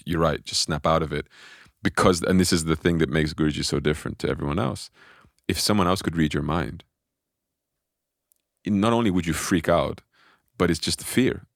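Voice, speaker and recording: A man telling a personal spiritual story in a relaxed podcast conversation, animated and often restarting his sentences. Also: sits low, dry recording, clean studio sound.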